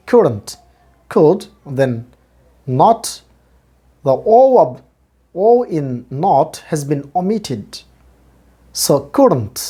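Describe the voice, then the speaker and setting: A man teaching English pronunciation, repeating each word slowly and mixing Bangla and English. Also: fairly high pitch, mellow. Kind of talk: pronunciation lesson.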